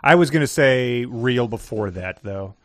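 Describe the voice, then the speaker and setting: A man's voice: medium pitch, measured pace. A man chatting as a guest, thinking aloud with many hesitations and big reactions. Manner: hesitant, lots of fillers, expressive reactions. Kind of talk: casual chat.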